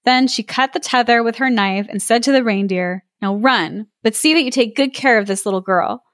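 A woman podcast host reading a fairy tale aloud, playful and animated with voices and laughs, breaking off to chat with her co-host. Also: a little high, normal speed, no room sound, clean studio sound. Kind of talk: storybook read-aloud with chat.

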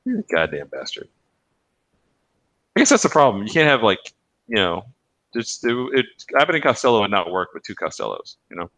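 A man's voice: on the low side, wildly swooping pitch, a little fast, long pauses, a bit bright, no echo. A man co-hosting a podcast, chatting casually, rambling and swearing, laughing at his own jokes. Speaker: podcast co-host. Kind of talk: casual banter.

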